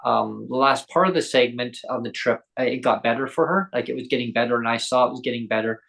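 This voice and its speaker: A man hosting a podcast, telling his own stories in an earnest, animated way. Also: mid-range voice, fast, vocal fry, poor audio. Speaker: podcast host. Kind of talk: casual podcast chat.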